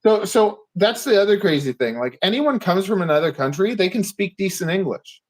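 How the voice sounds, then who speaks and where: A man's voice: high voice, expressive, brisk. A man chatting as a podcast guest, rambling and laughing often as he acts out little quotes. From Canada. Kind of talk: casual chat.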